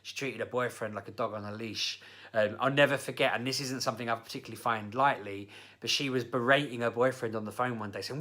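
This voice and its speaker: A man's voice: medium pitch, quick pace. A young man casually telling rambling personal stories to camera, with lots of fillers. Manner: rambling, animated anecdotes with fillers. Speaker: vlogger.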